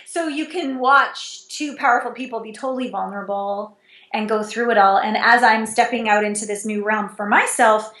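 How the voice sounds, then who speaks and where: A fairly high-voiced woman speaking as a guest in a relaxed interview. She is animated and expressive, her pitch leaping up and down as she acts out little exchanges with a laugh in her voice. The sound is roomy and echoey. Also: normal speed. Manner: animated, wide pitch swings, laughs while acting out dialogue. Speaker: intimacy coach, interview guest. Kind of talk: casual interview conversation. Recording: echoey room.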